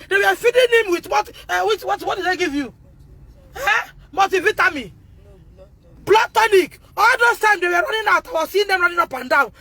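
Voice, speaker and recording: Nigerian woman w/ nigerian accent, super high voice, emotional, keeps repeating herself, sometimes shouting, phone livestream. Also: no room sound, low-quality recording. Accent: Nigerian English. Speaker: mother speaking out on a livestream. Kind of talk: impassioned livestream testimony.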